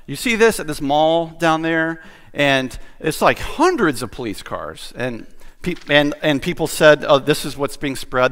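A man's voice: medium pitch, a bit bright, smooth. A man preaching as a pastor in a casual, conversational sermon, chatty and self-deprecating, with lots of fillers and restarts. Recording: long hall reverb.

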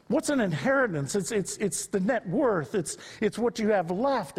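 A pastor in a church sanctuary delivers a sermon in a man's voice that sits high, expressive and slightly rough, with a somewhat slow pace. He tells stories and builds to loud, emphatic peaks. The recording carries the long reverb of a large hall.

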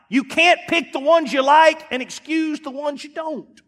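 A man pastor preaching a sermon in a folksy, emphatic way, dropping now and then to quiet asides. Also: very high-pitched, unhurried, big-room sound. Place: church sanctuary.

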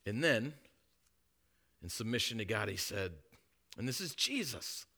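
A male preacher delivers a sermon in a bright, ringing voice. He preaches emphatically, dropping to a hush and then building to loud, forceful declarations. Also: lowish voice, very animated, unhurried, creaky. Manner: emphatic, swings from hushed to loud.

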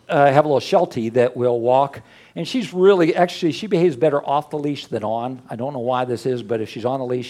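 An older man preaching as a pastor, conversational and folksy, with asides and a lively rise and fall. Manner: lively, often rising in pitch and loudness. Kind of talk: sermon.

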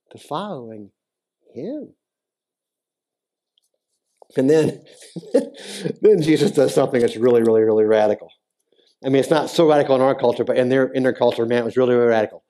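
A man preaching a sermon as a pastor in a church, talking casually with the congregation and then building to emphatic, near-shouted appeals. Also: mid-range voice, moderate pace, long pauses. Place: church sanctuary.

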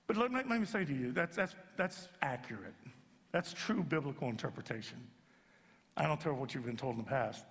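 A man pastor giving an animated, comic sermon in a church sanctuary. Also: mid-range voice, brisk. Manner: animated storyteller, jumps into acted voices. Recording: long sanctuary reverb.

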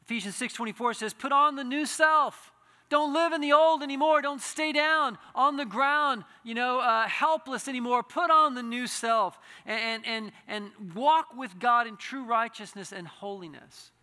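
A man's voice: very high-pitched, moderate pace, pushed and bright. A man preaching a sermon, earnest and building to impassioned pleading, with frequent restarts. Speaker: pastor. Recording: reverberant hall.

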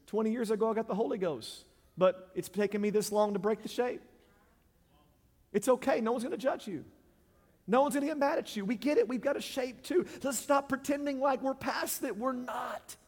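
A preacher in a church, his voice sitting very high as he swings from shouted exhortation down to near-hushed pleading. The sound rings with a long reverb from the hall around him. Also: moderate pace. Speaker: pastor. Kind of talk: sermon.

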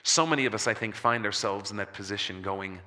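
A man preaching a sermon as a pastor, slowing for emphasis and dropping soft on key words. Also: lowish voice. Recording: long reverb of a large hall.

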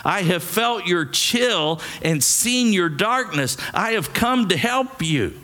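Guy doing a calm kind stranger, slow and soothing, pitch a bit up. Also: exaggerated voice. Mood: coaxing. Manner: soft, slow, coaxing. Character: gentle male stranger, a patient firelighter.

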